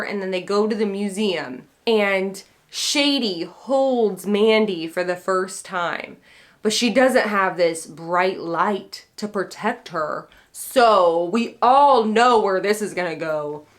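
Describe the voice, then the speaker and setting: Woman book vlogger, chatty and playful, rambles with ums and excited asides. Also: mid-range voice. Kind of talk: casual chat to camera.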